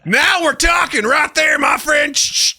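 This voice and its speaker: A man putting on a loud American Southern accent, playing a cheery hillbilly tavern keeper. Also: very high-pitched, unhurried, vocal fry, voice pushed up, heavily acted. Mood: rowdy. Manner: loud, whooping put-on drawl.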